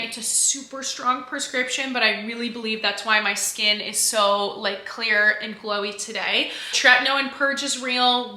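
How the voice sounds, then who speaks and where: A woman's voice: on the high side, pushed and bright, reverberant. A woman in her twenties chatting candidly to camera as a vlogger, with lots of fillers and restarts. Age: 20s. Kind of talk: casual chat to camera.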